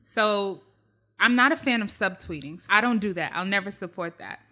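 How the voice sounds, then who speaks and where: On a podcast, a woman co-host discusses pop-culture news casually, animated and emphatic, often repeating phrases for effect. Her voice is medium in pitch and her speed normal.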